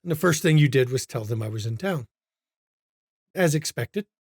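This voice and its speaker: A man's voice: lively intonation, normal speed, breathy edge, no echo, clean studio sound. Man doing a cryptic German demon. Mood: cool. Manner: terse, cryptic, low and quiet. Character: short pudgy balding man, cryptic ancient demon.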